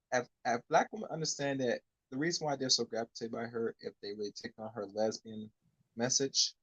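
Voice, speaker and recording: A man who is a guest on a casual podcast, talking in a loose, drawn-out, meandering way. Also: medium pitch, fairly bright tone, no echo.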